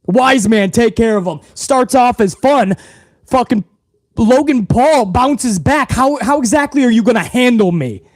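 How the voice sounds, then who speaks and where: A man's voice: very high-pitched, animated, a little slow, no room sound. A man hosting a wrestling livestream, talking casually and profanely straight to his viewers.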